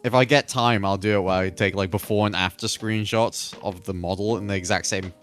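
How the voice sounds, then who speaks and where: A man's voice: lowish voice, fairly even intonation, a little fast, soft background music. A man co-hosting a podcast, explaining his ideas about a game in a thoughtful way. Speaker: podcast co-host. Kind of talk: casual gaming chat.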